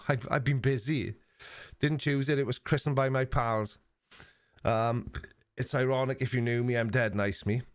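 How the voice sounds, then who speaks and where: Older man hosting a live stream. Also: mid-range voice. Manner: dry sarcastic banter, mock-offended asides. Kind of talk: casual live stream chat reading comments.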